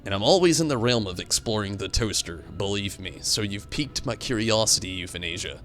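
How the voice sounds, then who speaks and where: A young man streaming a game, rambling through animated stories and chatting with viewers at a desk mic. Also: lowish voice, brisk, faint music behind. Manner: rambling, animated storytelling with swings into loud outbursts; reads out and answers viewer chat. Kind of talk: casual live-stream commentary.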